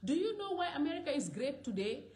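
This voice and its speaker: A woman from the Gambia, giving an impassioned monologue that often rises to loud exclamations. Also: high voice, big pitch swings, fast talker, echoey room. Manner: rising to loud exclamations, mixing in Wolof. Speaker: commentator from the diaspora.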